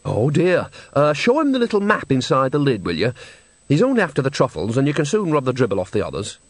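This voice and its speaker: A man's voice: medium pitch, wildly swooping pitch, no echo. A man reading aloud voices a chatty, gossipy old countrywoman who is a witch. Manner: cheerful, gossipy, talks in rapid asides.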